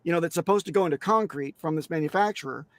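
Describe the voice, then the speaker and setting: A man's voice: on the high side, fast, a bit bright, no echo, studio quality. Blunt, emphatic man talking crypto security. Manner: emphatic, blunt, swears, many restarts. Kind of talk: casual interview talk.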